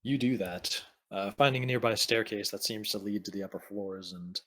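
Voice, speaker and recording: A man's voice: lowish voice, moderate pace, fairly bright tone. Easygoing man running a tabletop game. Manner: easygoing, hesitant, lots of uhs. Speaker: game master.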